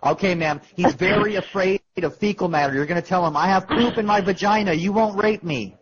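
A man's voice: high voice, a little fast. A man making a prank phone call, speaking in a falsely official tone and calling her ma'am over and over. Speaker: prank caller. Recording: muffled phone line with noise.

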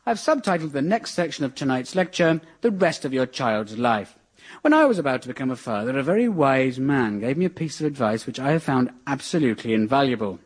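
A man's voice: medium pitch, sing-song, a little fast, slightly rough. A man hosting a satirical radio comedy show, lecturing in a dry, mock-earnest manner.

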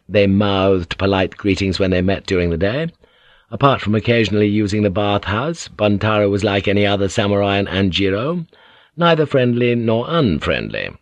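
A man narrating an audiobook in a measured, even storytelling manner. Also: lowish voice, no room sound.

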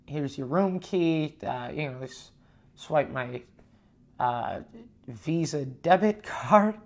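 A man's voice: a little high, takes it slowly. A man, a touring comedian, telling a story casually on his podcast, cursing freely and acting out both sides of the dialogue. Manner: profane, animated retelling with quoted dialogue.

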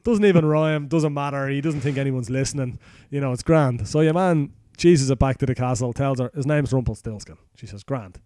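A man with an Irish accent rambles through a fairy tale on a podcast, swearing freely and joking as he goes. His voice is mellow and dark. The sound is dry and close. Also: mid-range voice, fairly quick, few pauses, dry recording. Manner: crude, sweary, rambling retelling. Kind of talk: casual comic storytelling.

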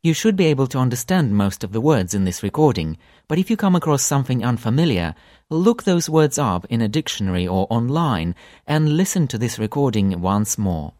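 A man teaching a language lesson from a script, patiently repeating words slowly for pronunciation drills. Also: medium pitch, big pitch swings, darkish tone, no room sound, clean studio sound.

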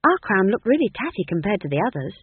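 A man voicing a breathless, flustered young woman witch, excitable and hurried. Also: high-pitched, slightly rough, dry recording, voice pushed up, heavily acted. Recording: tinny phone-like dry recording.

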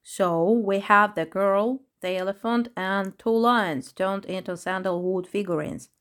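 A woman's voice: medium pitch, steady tone, unhurried, fairly bright tone, lightly acted. Woman doing an earnest peacock detective, asks lots of questions, storybook voice.

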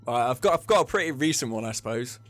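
A man's voice: mid-range voice, animated, racing, no room sound. A young man with an English accent rambles through a drinking story, breaking into laughter as he goes. His voice sits in a middling register. The sound is dry and close to the mic, with no room around it. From England. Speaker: podcast co-host. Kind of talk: casual chat.

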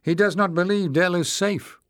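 A man voicing a calm, persuasive male stranger in an audiobook, speaking with patient earnestness. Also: high voice, moderate pace, no room sound, studio quality, voice pushed up. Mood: earnest.

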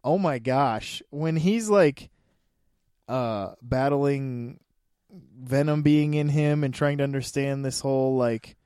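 A male podcast co-host chats casually about a movie, laughing often and restarting his sentences. His mid-range voice is mellow, clear and resonant, he takes it slowly, and the recording is dry with clean studio sound.

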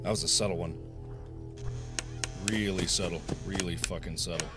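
A man giving let's-play commentary in loud, profane outbursts and frustrated shouting. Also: on the low side, normal speed, long pauses. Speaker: gamer. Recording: clear game music under the voice. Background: game music.

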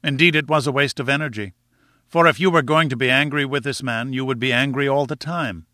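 Man with a bright, crisp narrating voice. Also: medium pitch, no room sound, clean studio sound. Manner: measured, even storytelling reading. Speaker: audiobook narrator. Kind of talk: scripted narration.

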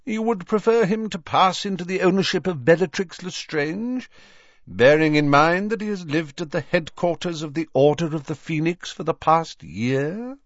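A man voicing a calm, courteous old male wizard who speaks politely and measuredly, in a dry, slightly dull recording. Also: on the high side, no room sound, pitched above the performer's own voice, close to an everyday voice. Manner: polite, measured, gently ironic.

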